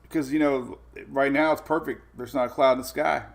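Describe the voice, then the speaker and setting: A man's voice: medium pitch, fairly even intonation, fairly quick, vocal fry. A man hosting a casual weather livestream, chatting in a laid-back way, chuckling often and answering viewer comments. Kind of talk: casual live-stream chat.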